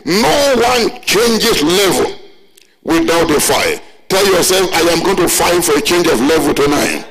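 Very high-voiced man preaching. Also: vocal fry, rough recording. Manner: call-and-response preaching, drawn-out repeated phrases; builds to shouted declarations. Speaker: pastor. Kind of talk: sermon.

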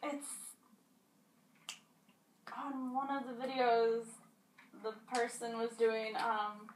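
A woman's voice: fairly high pitch, steady tone, takes it slowly, a little hiss or hum. A young woman guest, laughing and flustered with many fillers during a casual impressions game. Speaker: guest friend. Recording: roomy phone video from a distance.

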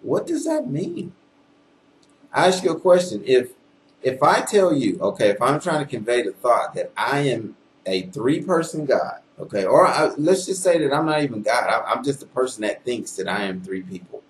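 A man's voice: mid-range voice, animated, moderate pace, a little hiss or hum, low-quality recording. A man talking straight to his viewers, building an emphatic argument about scripture with rhetorical questions and a frequent "okay?". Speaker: video channel host. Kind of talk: argumentative religious monologue to camera.

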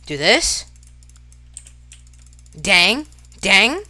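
A woman giving live gameplay commentary, excitable and casual, talking to herself and shouting at big plays. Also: medium pitch, very slow. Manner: casual slang, talks to self while fighting. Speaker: gaming YouTuber.

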